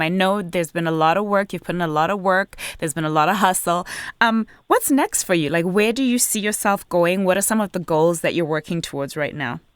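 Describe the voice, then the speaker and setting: A woman interviewer asking casual, halting questions and calling herself a fan. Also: medium pitch, fairly bright tone, clean tone, dry recording, studio quality.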